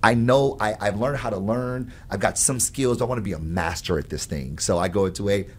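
A man who teaches at a college, explaining his ideas on learning in an animated, storytelling way and often adding "right?". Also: on the low side, a little fast, slightly rough. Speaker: professor. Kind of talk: conversational explanation.

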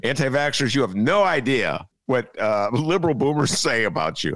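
An older man co-hosting a podcast, riffing on politics in a jokey, animated way with many asides. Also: medium pitch, normal speed, no room sound, clean studio sound. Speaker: podcast co-host. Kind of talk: casual political commentary.

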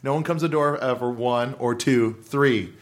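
Man in mid-pitched casual chat. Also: moderate pace. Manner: rambling, many fillers. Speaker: podcast co-host.

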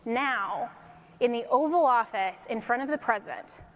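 A woman from Colorado giving a faith-based motivational talk, telling her story in a lively way and laughing often, in an echoey hall. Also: fairly high pitch, normal speed. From Colorado, USA. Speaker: speaker.

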